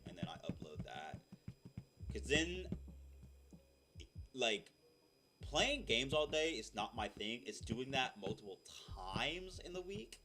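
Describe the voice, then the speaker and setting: A young man, a streamer, chatting casually and rambling with lots of fillers in a deep voice. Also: a bit bright, slight background noise. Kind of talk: casual chat. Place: home room. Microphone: desk mic.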